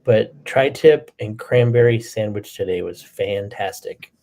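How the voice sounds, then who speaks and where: A man's voice: fairly low pitch, unhurried, warm tone. Easygoing male guest from the Southwest, casual chat tone. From American Southwest. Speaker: podcast guest.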